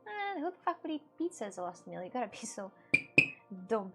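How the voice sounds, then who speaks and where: Chatty young woman streamer, highish voice. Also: sing-song, brisk, faint music behind. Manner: chatty, laughs often, swears casually. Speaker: live streamer reading chat. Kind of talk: casual live-stream chat. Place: home streaming setup.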